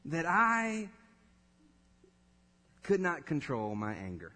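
A man in his thirties preaching a sermon, telling a personal story with laughter and animated delivery. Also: a little high, moderate pace. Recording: long reverb of a large hall.

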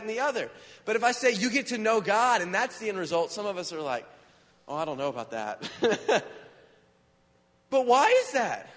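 A man's voice: on the high side, a bit bright. A man giving an informal, conversational sermon, earnest and full of questions to his listeners, recorded with hall reverb. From United States. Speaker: preacher.

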